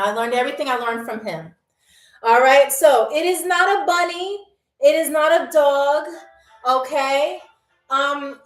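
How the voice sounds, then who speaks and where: High-voiced playful woman game show host. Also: fairly even intonation, unhurried. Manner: playful, jokey, reads viewer comments aloud; peppers lines with "okay?" and "all right". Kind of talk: live-stream game show chat. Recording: roomy echo, faint music.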